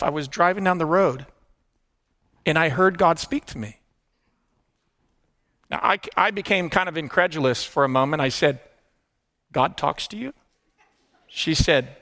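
A middle-aged man preaching by telling his own testimony, earnest and hushed at tender moments, rising with excitement. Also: high-pitched. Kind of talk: sermon storytelling.

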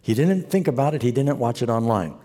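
A man's voice: medium pitch, animated, brisk, mellow. A man preaching a sermon as a pastor, telling stories earnestly and exhorting the congregation. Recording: long reverb of a large hall.

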